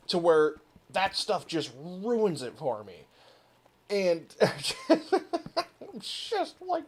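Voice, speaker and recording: A gaming host rants casually over footage, rambling and cursing without a filter. The pitch is mid-height but swings widely from low mutters to high outbursts, so every remark sounds animated. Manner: rambling, profane, animated, frequent laughter. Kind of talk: casual rant over gameplay.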